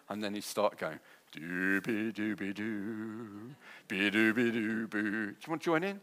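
Preacher swinging hushed to rousing. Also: male voice, medium pitch. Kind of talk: sermon.

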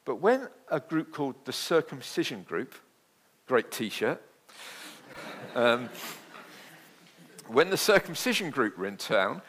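Male pastor, sermon delivery, conversational with light jokes, very lively pitch. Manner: animated, conversational preaching with asides and jokes.

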